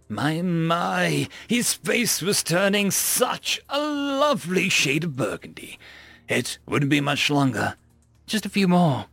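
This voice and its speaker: A man's voice: fairly high pitch, very animated, measured pace, gravelly, a bit bright, no room sound, soft background music. A man narrating a first-person story with dry, mock-dramatic glee.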